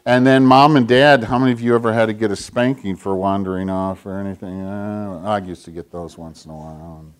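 A man giving a children's sermon as pastor, in a gentle, conversational way, often clearing his throat. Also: lowish voice, fairly even intonation, a little fast.

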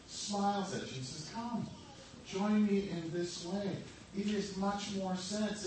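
A man's voice: sits high, slight background noise. A male preacher delivering a sermon in a conversational way, asking the listeners rhetorical questions. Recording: echoey room from far off, faint background.

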